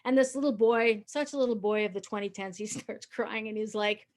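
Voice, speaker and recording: A woman's voice: on the high side, brisk, darkish tone. A woman in her fifties doing stand-up comedy, telling a long story in a conversational, self-deprecating way and chuckling as she goes.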